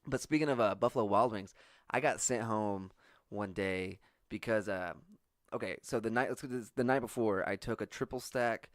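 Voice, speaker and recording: A man's voice: fairly low pitch, normal speed, dry recording, studio quality. A man, hosting a casual podcast and telling rambling, profane stories. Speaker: podcast host. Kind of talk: casual storytelling chat.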